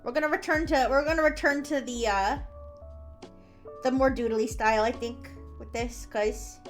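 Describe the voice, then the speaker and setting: A woman's voice: a little high, steady tone, normal speed, faint music behind. A woman streamer chatting casually while she draws, rambling and laughing often, with many restarts.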